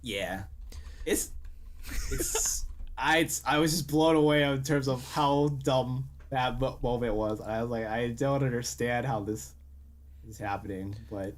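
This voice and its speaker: A man's voice: mid-range voice, a little slow. A man co-hosting a casual podcast, ranting animatedly with frequent swearing and exasperated outbursts. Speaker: podcast co-host. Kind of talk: casual chat.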